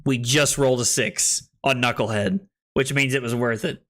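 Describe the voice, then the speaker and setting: A man casually commentating his own card game for a stream, talking to chat as he weighs each play. His voice is bright and forward at an ordinary middle pitch. He chats loosely and turns excitable when a play goes his way. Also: normal speed. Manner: chatty, thinks aloud, excitable when winning.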